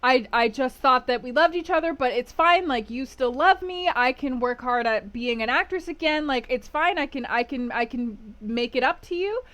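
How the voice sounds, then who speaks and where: A woman's voice: high-pitched, animated, normal speed, hardly any pauses, a bit bright. A woman voicing a lovestruck young actress in a storybook retelling, gushing and pleading.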